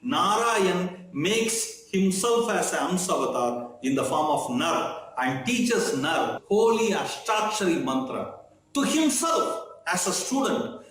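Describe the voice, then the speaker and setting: A man's voice: high-pitched, very animated, takes it slowly, fairly bright tone. A man telling a devotional story in a conversational way, often checking in with "okay?" between his sentences. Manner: conversational, frequent "okay?" check-ins and fillers. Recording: very echoey room, faint noise.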